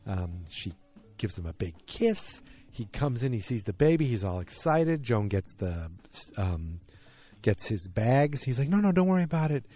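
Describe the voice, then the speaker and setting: Brief: male podcast host, lower voice, mellow tone, casual rambling recap full of ums. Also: big pitch swings, unhurried. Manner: rambling, many fillers and restarts. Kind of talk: casual solo episode recap.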